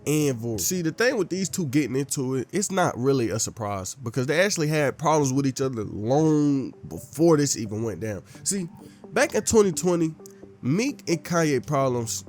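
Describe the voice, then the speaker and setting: A man's voice: medium pitch, very animated, normal speed, a little mellow, faint music behind. A man hosting a commentary channel, narrating events in a laid-back, slangy storytelling way.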